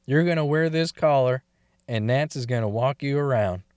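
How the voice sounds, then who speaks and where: A man's voice: medium pitch, moderate pace, a little mellow, clear, resonant tone, no room sound, studio quality, close to an everyday voice. A man voicing a blunt young woman who casually gives orders. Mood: bossy. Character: bold, bossy young woman giving orders.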